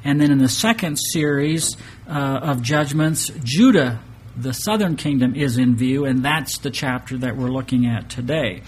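A man's voice: mid-range voice, moderate pace, slight background noise. A man preaching an expository Bible lesson in a conversational way, often restarting phrases and asking the congregation rhetorical questions. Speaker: pastor. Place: church sanctuary with projected map.

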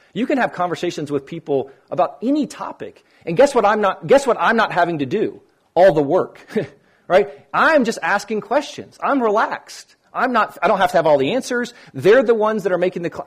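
A man's voice: high voice, breathy edge. A man giving an informal teaching talk on Christian apologetics, speaking conversationally and acting out quoted dialogue. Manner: conversational, restarts often, acts out quoted dialogue.

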